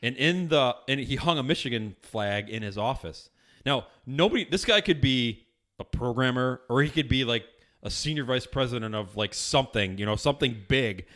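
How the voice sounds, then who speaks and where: A man chatting casually on a podcast, telling stories and acting out other people's shouted lines. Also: medium pitch, moderate pace. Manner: animated storyteller, acts out quotes loudly. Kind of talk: casual chat.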